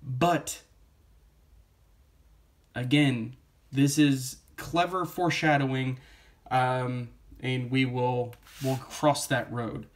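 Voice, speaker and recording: A man's voice: mid-range voice, steady tone, extremely slow, long pauses. Rambling man reviewing a comic book. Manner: rambling, many fillers, reads quotes aloud. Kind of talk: casual spoken review.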